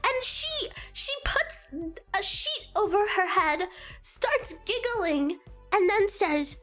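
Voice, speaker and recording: A woman's voice: very high-pitched, lively intonation, takes it slowly, a bit bright, faint music behind. A young woman streamer giggling and rambling through a casual movie recap. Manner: giggly, rambling, with many restarts. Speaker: VTuber streamer.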